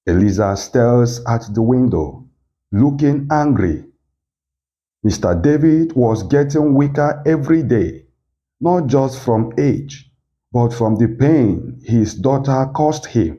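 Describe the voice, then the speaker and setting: A man narrating a moral story in a dramatic, measured way. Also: medium pitch, expressive, dark tone. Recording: dull lo-fi audio with faint music.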